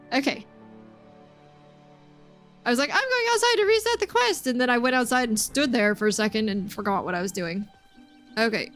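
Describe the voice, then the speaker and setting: A woman's voice: mid-range voice, a bit bright. A young woman streaming a game live, chatting with viewers in a giggly, rambling way. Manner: giggly, rambling, talks to chat. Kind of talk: live gameplay stream chat.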